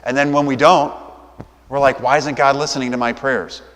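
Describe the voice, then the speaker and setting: A male pastor delivers a sermon in an easy, conversational manner, now and then slipping into short acted-out quotes. His voice sits in an ordinary middle pitch. It rings out with the long reverb of a church hall. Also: fairly even intonation, moderate pace, fairly bright tone.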